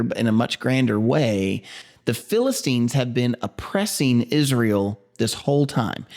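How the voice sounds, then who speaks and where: A middle-aged pastor teaching a Bible passage on video, reading scripture slowly and then explaining it in a conversational way with rambling asides. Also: male voice, mid-range voice, darkish tone.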